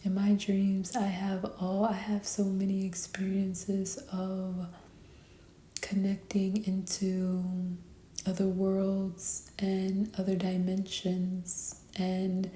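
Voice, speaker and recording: Tired woman tarot reader, flat, sleepy half-whisper, very slow delivery. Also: medium pitch, roomy sound. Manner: sleepy, slow and soft-spoken, often whispering. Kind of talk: soft-spoken spiritual tarot reading.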